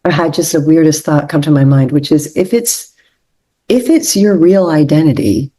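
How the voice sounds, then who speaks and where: Low, mellow-voiced woman guest. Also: normal speed. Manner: earnest, gentle, repeats phrases for emphasis. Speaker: guest author. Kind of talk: reflective interview conversation.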